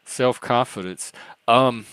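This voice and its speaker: A man chatting casually on a call, asking questions in a measured way. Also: mid-range voice, a bit bright, smooth, no room sound. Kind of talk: casual chat.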